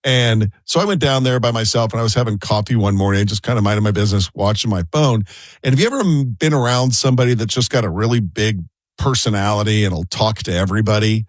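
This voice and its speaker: A man's voice: on the low side, fast talker, dry recording. A man co-hosting a talk show, telling chatty, rambling anecdotes full of asides. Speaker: co-host. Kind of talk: casual talk-show storytelling.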